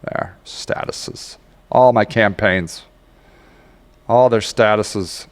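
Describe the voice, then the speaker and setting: Man, tutorial presenter, self-mocking, rambling, unhurried, reverberant room. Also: on the low side, clean tone. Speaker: social media marketing instructor. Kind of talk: screen-share tutorial.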